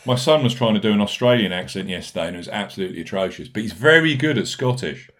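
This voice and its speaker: A man hosting a casual podcast, brisk and jokey, reading out notes and listener reviews between banter. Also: fairly low pitch, animated, a bit bright. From United Kingdom. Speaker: podcast host.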